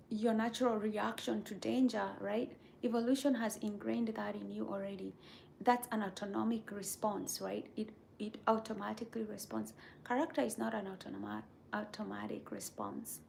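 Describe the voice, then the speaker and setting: A woman hosting her channel in a casual motivational chat, reading viewer comments and often checking in with "right?" in a soft, breathy near-whisper. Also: mid-range voice, slight background noise. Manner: earnest, repeats "right?" and "okay?" to check in with viewers. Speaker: channel host.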